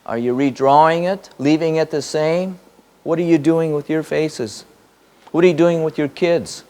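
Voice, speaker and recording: In a hall in front of a live audience, a man delivers a spiritual teaching in a slightly raised voice. His voice sits on the high side, with a steady, mellow, clean tone at a moderate pace, and he speaks emphatically, driving each point home through repetition and a string of rhetorical questions.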